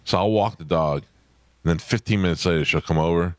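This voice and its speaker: A man hosting a radio show, telling stories in wry, deadpan banter. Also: low-pitched, fairly quick, no room sound, studio quality. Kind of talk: casual studio banter. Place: radio studio.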